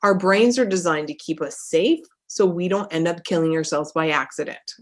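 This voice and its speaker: A woman's voice: on the low side, moderate pace. A woman life coach hosting her own podcast, talking energetically and emphatically, repeating phrases for effect in a motivational monologue.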